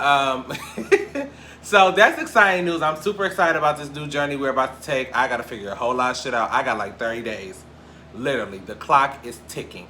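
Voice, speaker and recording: Lively, bright-voiced man hosting gossip. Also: mid-range voice, a little hiss or hum. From Cleveland, Ohio. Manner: animated, profane, swings between loud and quiet. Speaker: podcast host. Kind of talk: casual celebrity gossip chat.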